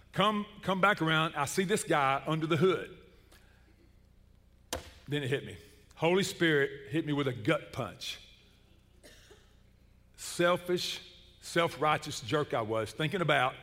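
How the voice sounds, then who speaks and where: A man's voice: on the high side, moderate pace, long reverb tail. A middle-aged man, preaching a sermon and telling stories with comic energy. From Chattanooga, Tennessee. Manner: animated, comic storytelling. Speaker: pastor. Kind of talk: sermon with storytelling.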